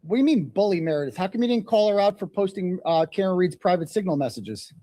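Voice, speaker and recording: Man, sarcastic, mocking, calm, argument clip. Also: sits high, fast, dry recording.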